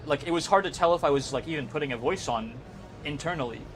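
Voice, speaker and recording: Male gaming streamer, slightly high-pitched, casual and excitable, swears a lot, laughs easily. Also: fast, a little hiss or hum. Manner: rambling and excitable, swears freely, laughs often. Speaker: game streamer. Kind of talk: casual live-stream chat while gaming.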